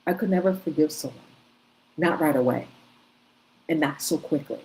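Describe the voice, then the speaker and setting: On a rough recording with a little hiss or hum, this commentary host talks over video clips in a low, slightly mellow voice at a moderate pace. Her delivery is emphatic and repetitive, coming in short bursts with restarts as she shares strong opinions.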